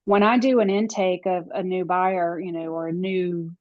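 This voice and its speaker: A woman's voice: lowish voice, steady tone, normal speed, no echo. A woman working as a relocation guide, talking casually in an interview, chatty with frequent restarts and laughter. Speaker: real estate relocation guide. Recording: dry, dull lo-fi audio.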